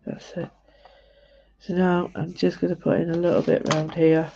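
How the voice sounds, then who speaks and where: Over dull, lo-fi livestream sound with background noise, a woman with a fairly low, flat-pitched voice speaks at a normal speed. She's drawing live and rambling cozily, walking her viewers through what she's doing.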